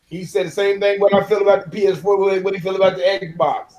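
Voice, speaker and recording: High-voiced man telling gaming stories. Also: fairly even intonation, fast, darkish tone, highs cut off. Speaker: podcast co-host. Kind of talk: casual gaming chat.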